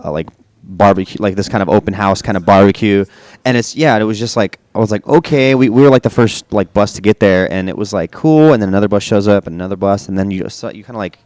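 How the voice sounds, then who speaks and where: A man with a very deep voice, recorded dry and close, tells tour stories with boyish excitement. He stumbles and restarts often and sounds a little under the weather. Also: fast talker, few pauses, no echo. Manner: excitable, stammering, many restarts. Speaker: band member. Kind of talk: casual interview chat.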